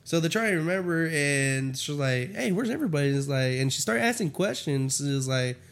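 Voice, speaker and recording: A man co-hosting a podcast, chatting casually about comics in a rambling, profane way and acting out scenes in quick quoted voices. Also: mid-range voice, expressive, a bit bright. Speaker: podcast co-host. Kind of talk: casual comic review chat.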